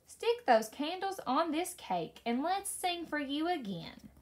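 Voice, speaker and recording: A woman doing a cheerful male friend from a children's storybook, carrying a birthday cake. His voice sits high and bounces lively up and down, eager and bright. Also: a little slow.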